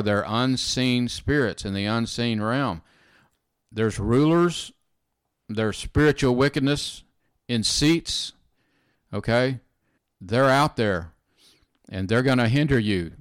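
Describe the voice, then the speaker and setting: A man's voice: mid-range voice, smooth, no echo, clean studio sound. A man giving informal, earnest Bible teaching in conversation, repeating phrases and often saying "you know" and "amen".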